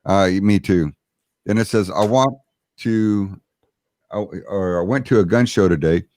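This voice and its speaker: A man's voice: lowish voice, a little slow, a little mellow. A man hosting a casual political podcast, reading out chat comments in a hesitant, filler-heavy way.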